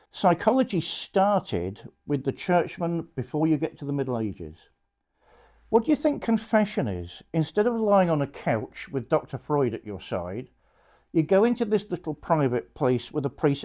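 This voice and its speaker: A man's voice: a little high, big pitch swings, moderate pace, dark tone. A man, a priest, gives an informal public talk to a small audience, conversational and blunt, full of rhetorical questions and asides.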